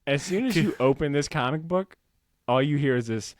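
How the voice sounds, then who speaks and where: A man co-hosting a comics podcast, talking in a rambling, animated way with lots of fillers and casual swearing. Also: on the high side, normal speed, no echo, clean studio sound. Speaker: podcast co-host. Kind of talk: casual chat about comics.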